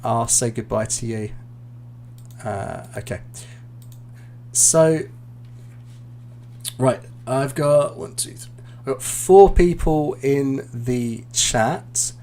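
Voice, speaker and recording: Mellow-voiced British man teaching online. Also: medium pitch, extremely slow, pauses often. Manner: relaxed, explanatory, frequent ums and uhs. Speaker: IELTS teacher. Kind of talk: live online lesson feedback.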